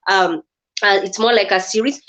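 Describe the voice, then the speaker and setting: A woman's voice: mid-range voice, normal speed, fairly bright tone. A woman from Kenya, a guest speaking hesitantly with many fillers over a video call. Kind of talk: casual discussion. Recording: dull lo-fi call audio.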